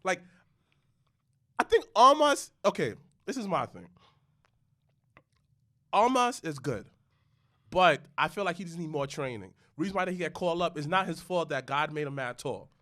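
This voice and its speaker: A man hosting a podcast in casual chat, slangy and excitable, riffing on wrestling. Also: a little high, normal speed, long pauses. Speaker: podcast host.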